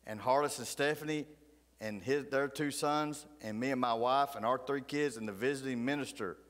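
A middle-aged man, a pastor telling folksy stories in a sermon, flaring loud, then dropping to hushed asides. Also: medium pitch, moderate pace. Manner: folksy, fiery, swings between loud outbursts and hushed asides. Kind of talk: animated storytelling sermon. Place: church sanctuary. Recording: church hall reverb.

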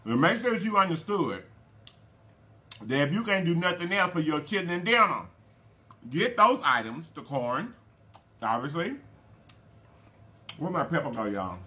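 Bright lively man eating on camera. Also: on the high side, unhurried, pauses often. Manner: folksy, calls viewers y'all and baby, hums while eating. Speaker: mukbang channel host. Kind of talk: casual eating show chat.

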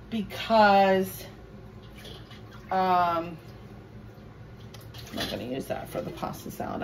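The background is noisy as a cooking vlogger with a medium-pitched voice talks casually in her home kitchen. She cooks while venting about her pet peeves.

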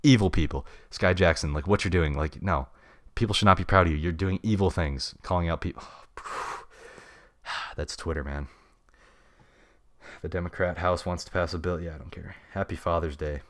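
A man hosting a casual solo podcast, blunt and slangy, swinging between loud opinionated bursts and mumbled asides. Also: sits low, moderate pace, dry recording, studio quality. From United States. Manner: slangy and blunt, heavy on "dude" and "bruh". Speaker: podcast host.

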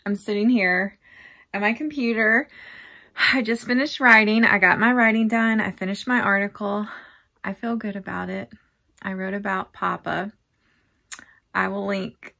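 A woman's voice: mid-range voice, vocal fry, sharp tone. A woman farm vlogger chatting casually and heartfelt to her viewers. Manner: chatty, heartfelt, says y'all a lot. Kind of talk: casual vlog chat to camera.

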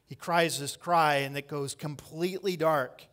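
A man preaching a sermon as pastor, swinging between loud impassioned cries and hushed lines and repeating key phrases for emphasis. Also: on the high side, steady tone, a little slow.

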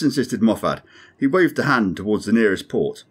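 A man reading a science-fiction short story aloud as a hobby narrator, in a measured storytelling manner. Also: fairly low pitch, lively intonation, slightly rough. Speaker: reader. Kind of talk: amateur audiobook narration of a 1950s sci-fi story.

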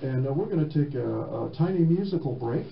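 A man's voice: on the high side, lively intonation, fast talker, roomy sound, dull audio, slight background noise. A man hosting a community radio show, talking casually and loosely with fillers. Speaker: radio host.

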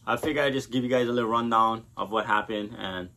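A man's voice: fairly low pitch, fast, pushed and bright. A man vlogging from Hawaii, talking casually to camera and telling a personal story with loose, profane chatter.

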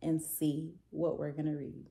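A woman reading a picture book aloud to children, warm and sing-song. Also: low-pitched, little pitch movement, unhurried, vocal fry, slight background noise. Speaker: children's story reader. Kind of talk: read-aloud storytelling for kids.

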